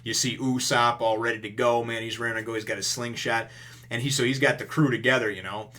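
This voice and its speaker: A man's voice: medium pitch, steady tone, brisk, sharp tone. A man casually recapping and reviewing a comic chapter, rambling with lots of fillers and the odd swear word. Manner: rambling, heavy on fillers like "you know", emphatic and casually profane.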